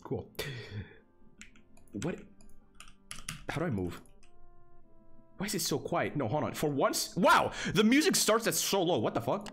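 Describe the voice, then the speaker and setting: A young man streams a game and talks over it in loose, mocking commentary, swearing often and breaking into shouts of disbelief. His voice sits a little high and swings widely in pitch. Faint music plays behind him. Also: big pitch swings, unhurried, pauses often. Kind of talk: casual gameplay commentary.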